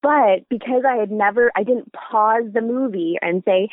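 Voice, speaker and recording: A woman's voice: fairly high pitch, normal speed, few pauses, dry recording. A middle-aged woman chatting casually as a parenting podcast co-host, telling stories and laughing now and then. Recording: phone-like remote audio.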